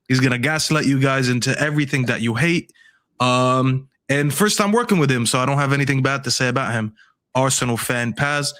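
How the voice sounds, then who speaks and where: A man's voice: on the high side, fairly bright tone. A young man hosting a casual football panel stream, joking and playful. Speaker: host.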